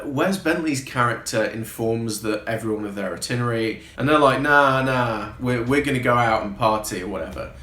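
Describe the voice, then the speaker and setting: A man's voice: medium pitch, fairly bright tone. A man giving a casual film review in a wry, sarcastic tone, swearing now and then. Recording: roomy echo.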